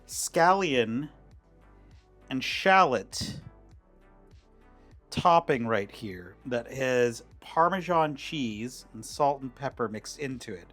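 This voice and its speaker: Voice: medium pitch, lively intonation, takes it slowly, long pauses, fairly bright tone. A cooking streamer chatting casually while making a dish, rambling with many fillers and restarts. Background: faint background music.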